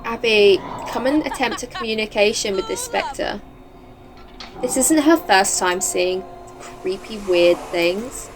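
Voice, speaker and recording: A woman hosting a game channel, chatting excitably through a let's play with lots of fillers. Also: medium pitch, slow pace, over music. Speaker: gaming channel host. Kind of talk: casual let's play commentary.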